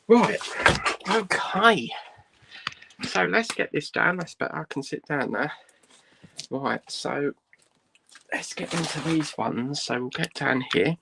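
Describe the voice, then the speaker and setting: A man's voice: fairly high pitch, lively intonation, slow pace, gravelly, pauses often, very noisy. A man hosting a casual unboxing vlog, chatting and thinking aloud with lots of "right" and "um". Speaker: host.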